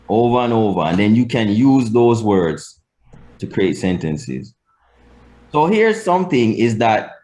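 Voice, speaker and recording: A man's voice: on the low side, dark tone. A Jamaican man teaching a live class, patient and repeating key points for emphasis. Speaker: language teacher.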